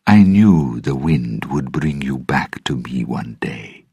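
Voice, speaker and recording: A man voicing a mysterious, amused female seer in a storybook reading, speaking slowly in a soft, whispery way. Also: extremely low pitch, breathy edge, dry recording, exaggerated voice. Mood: knowing.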